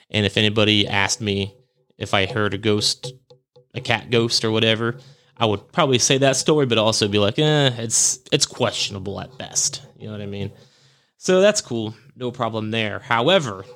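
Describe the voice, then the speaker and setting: Man, podcast host, casual storytelling, slightly low voice, rambling and self-correcting. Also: gravelly, a bit bright.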